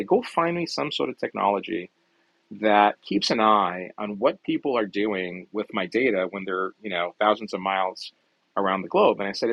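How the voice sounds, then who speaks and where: A man's voice: fairly low pitch, gravelly, fairly bright tone, breathy edge, dry recording, rough recording. A middle-aged man, a startup founder, telling career stories in a casual, rambling way with many fillers and restarts. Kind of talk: casual storytelling in an audio chat room.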